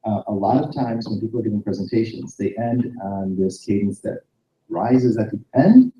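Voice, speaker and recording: A man's voice: on the low side, expressive, moderate pace, dark tone, dull audio, slight background noise. A man giving practical presentation advice to a class. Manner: practical, explanatory. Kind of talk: classroom lecture. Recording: distant mic in echoey room.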